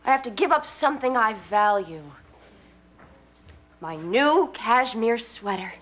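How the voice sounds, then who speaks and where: Brief: self-absorbed teen artist, high and swooping, slow and drawn out, hissy track. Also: female voice, animated, fairly bright tone, faint music behind. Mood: self-pitying. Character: melodramatic self-absorbed teenage girl artist.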